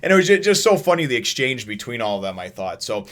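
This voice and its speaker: Excitable rambling man in his thirties. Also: mid-range voice, fast. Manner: enthusiastic and rambling, with many restarts, acting out quotes. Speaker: host of a comic review channel. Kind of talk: casual chat review.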